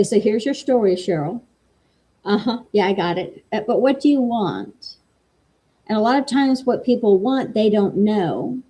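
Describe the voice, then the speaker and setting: A woman's voice: medium pitch, warm tone. A middle-aged woman, a life coach and energy healer, casually telling a story and acting out the quoted dialogue. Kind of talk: casual talk stream.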